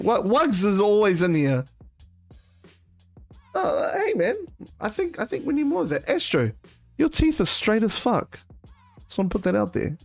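Slangy, animated New man. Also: high-pitched, vocal fry. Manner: slangy, excitable, swears freely. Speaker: streamer taking call-ins. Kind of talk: casual chat.

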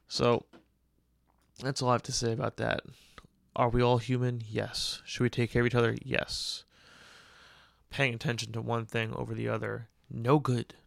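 A man hosting a podcast, ranting casually in a crude, joking, rambling way with quick voiced asides. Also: medium pitch, level tone, gravelly, no room sound, studio quality. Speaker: podcast host. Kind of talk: casual solo podcast rant.

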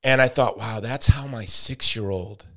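A man's voice: fairly low pitch, measured pace. A man hosting a conversational interview, earnest and open as he asks personal questions. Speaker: podcast host.

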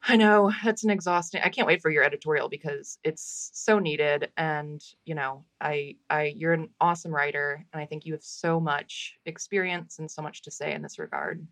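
A woman's voice: deep voice, moderate pace, a bit bright, no room sound. A woman hosting a podcast in a casual chat, supportive and laughing easily, sometimes swearing. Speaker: podcast host.

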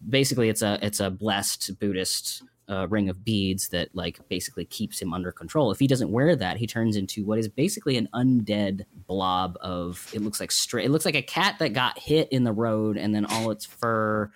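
Guy rambling on a podcast, low voice, gets worked up and emotional, lots of restarts. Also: normal speed, hardly any pauses, no room sound. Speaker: podcast co-host. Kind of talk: casual chat.

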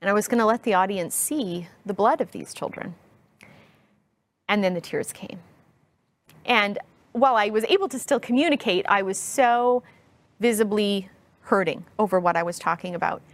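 A woman in her thirties speaks as a guest in an interview, recounting a personal experience. She is earnest and heartfelt, and she takes her time, choosing each phrase with care. Her voice sits at an ordinary middle pitch for a woman. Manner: earnest, heartfelt, slow and deliberate.

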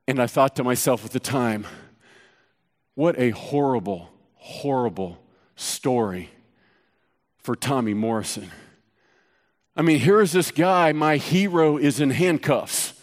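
A man's voice: medium pitch, in a large hall. A middle-aged male pastor preaching a sermon, telling a personal story in a conversational, teasing way.

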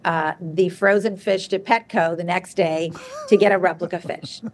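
A woman guest on an interview show, telling an anecdote in a lively, chatty way. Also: on the low side, moderate pace. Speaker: guest, television producer. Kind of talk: interview storytelling.

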